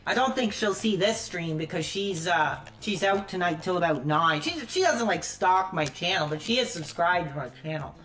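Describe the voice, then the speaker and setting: A man ranting angrily on a livestream, profane and shouting at times. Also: high-pitched, expressive, normal speed, hardly any pauses, soft background music. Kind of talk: angry livestream rant.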